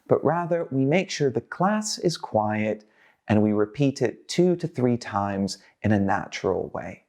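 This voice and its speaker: Lively male teacher trainer. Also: medium pitch, unhurried. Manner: energetic, modelling sentences for repetition. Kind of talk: scripted teaching video.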